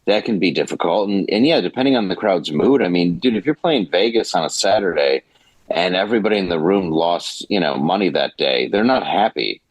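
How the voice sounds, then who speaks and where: A man's voice: deep voice, animated, brisk, no room sound, poor audio. A man who is a comedian, a guest on a podcast, telling stories in a wry casual way and laughing often. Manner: wry storytelling with frequent laughs.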